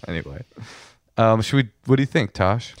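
A man co-hosting a podcast, chatting casually with his wife and telling stories in a jokey, animated way. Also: lowish voice, a little slow, dry recording, studio quality. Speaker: podcast co-host. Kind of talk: casual chat.

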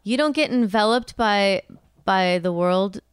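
Hesitant woman with a smooth voice. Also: mid-range voice, no echo, studio quality. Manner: hesitant, halting. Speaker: podcast co-host. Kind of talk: casual chat.

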